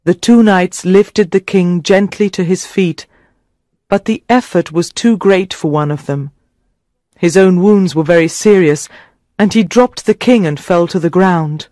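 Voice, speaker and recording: Man reading an easy english story, fairly high voice, clear and dramatic, dry close sound. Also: a little slow, dark tone, no room sound. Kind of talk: graded-reader story narration for English learners.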